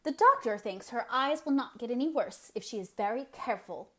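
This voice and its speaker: A woman's voice: a little high, very animated, moderate pace, voice pushed up. Storybook: sour old spinster, grim and contemptuous, put on by a woman narrator. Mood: scornful. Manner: scornful, contemptuous.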